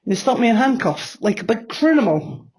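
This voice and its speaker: A woman's voice: a little high, very animated, moderate pace, a little mellow. A woman in her sixties giving a blunt personal testimony in an interview, swearing freely and repeating phrases for emphasis. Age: 60s. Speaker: interview guest.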